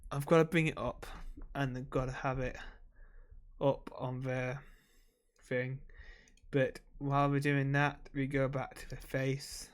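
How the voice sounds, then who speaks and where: A man's voice: mid-range voice, little pitch movement, measured pace. A man talking to camera in a casual, rambling vlog, emotional and swearing freely while he drinks. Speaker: vlogger.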